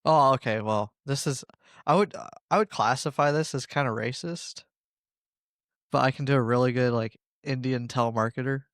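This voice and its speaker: A young man co-hosting a casual podcast in a laid-back, easygoing way. His voice sits at a medium pitch and sounds dry and close to the mic. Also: moderate pace, no echo. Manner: laid-back, laughs often. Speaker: podcast co-host.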